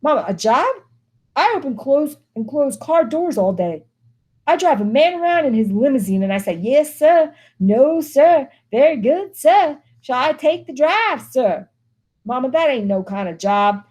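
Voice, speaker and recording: A woman's voice: high voice, animated, measured pace, a little mellow, pitched above the performer's own voice. Walter, a restless frustrated young man, read by a woman. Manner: agitated, impatient outbursts.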